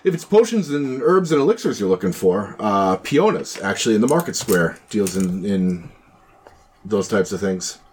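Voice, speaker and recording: A man voicing a helpful male town guard who gives halting directions. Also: lowish voice, big pitch swings, darkish tone, a little hiss or hum.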